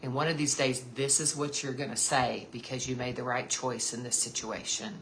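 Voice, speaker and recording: A woman's voice: very deep voice, level tone, moderate pace, slight background noise. A woman giving earnest, emphatic devotional Bible teaching to other women, repeating key points and calling them sisters. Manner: addresses listeners as sisters.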